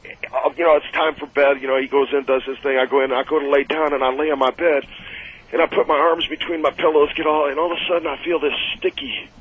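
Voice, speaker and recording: A man's voice: on the high side, level tone, quick pace, slightly rough. A middle-aged man, a former wrestler, telling rambling, chuckling stories as a guest on a radio show. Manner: rambling, chuckling storyteller with many fillers. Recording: dull lo-fi radio audio.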